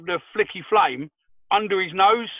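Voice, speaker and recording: A man's voice: sits high, moderate pace, no echo. A man co-hosting a podcast, telling rowdy anecdotes and swearing freely. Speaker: podcast co-host. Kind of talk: casual chat. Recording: tinny phone line.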